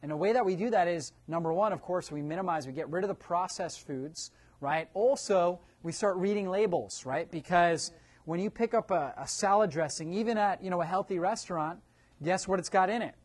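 Speaking a little fast in a high-pitched voice, a man presents nutrition material to a live audience. He quizzes listeners and keeps tacking "right?" onto his points.

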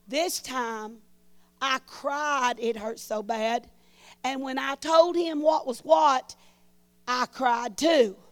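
A woman's voice: high voice, takes it slowly, dry recording, faint music behind. A woman preacher, telling a folksy testimony in a sermon and acting out the voices of people in her story.

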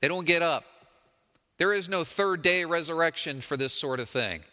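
A man's voice: fairly high pitch, moderate pace, bright, forceful tone, in a large hall. A man preaching a sermon in a conversational, wry way, acting out the people he quotes. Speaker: pastor.

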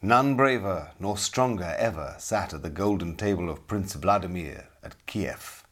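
A middle-aged man narrating a storybook in an expressive, dramatic way. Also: low voice, a little slow. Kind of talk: audiobook storytelling.

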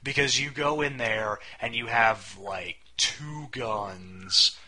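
A man's voice: mid-range voice, slow pace, sharp tone, rough recording. A young man co-hosting a casual podcast, talking in a rambling, wry way and swearing casually. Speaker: podcast co-host.

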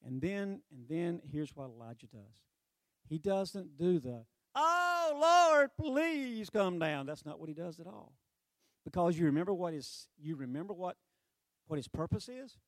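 A male preacher telling a story in a sermon, animated and playful, with sarcastic asides. His voice sits a bit high for a man, in a dry, close recording with no echo. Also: moderate pace. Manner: animated storytelling with sarcastic humor and acted-out quotes.

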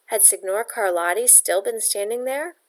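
A woman reading a novel aloud in a steady, plain storytelling voice. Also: mid-range voice, normal speed. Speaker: audiobook reader.

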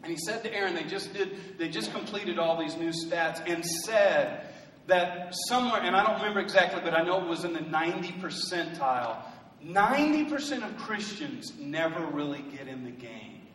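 A male pastor delivers a sermon with a notably high voice, rising into loud, fervent emphasis and slipping in humorous asides. The mic sits some way off, so his words carry a long, roomy echo of a church hall with a faint hum of ambience underneath. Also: animated, moderate pace. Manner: preachy, builds to loud emphatic bursts. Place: church sanctuary. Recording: echoey hall from a distant mic.

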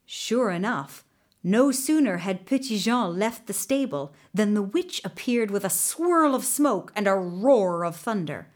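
A woman reading a fairy tale aloud in an expressive, dramatic storyteller manner. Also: medium pitch, takes it slowly.

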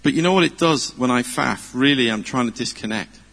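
A man's voice: medium pitch, a little fast, gravelly, a bit bright. A middle-aged man, giving an informal, chatty sermon full of personal stories, earnest and self-deprecating. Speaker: preacher. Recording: long hall reverb.

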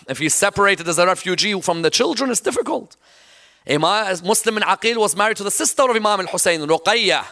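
Impassioned high-voiced male preacher. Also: fairly bright tone. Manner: mournful, impassioned narration with repeated "yes?" to the audience. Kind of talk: sermon, dramatic storytelling. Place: mosque.

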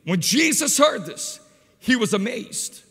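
A man preaching a sermon as an evangelist, telling stories with animated delivery and shouting at the high points. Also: measured pace, slightly rough, long reverb tail. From Portuguese parents.

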